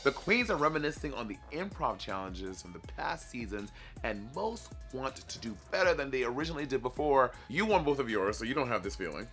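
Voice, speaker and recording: Giggly bright-voiced man hosting. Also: mid-range voice, very animated, a little fast, soft background music. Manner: giggly, playful, campy. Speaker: host. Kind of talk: casual chat.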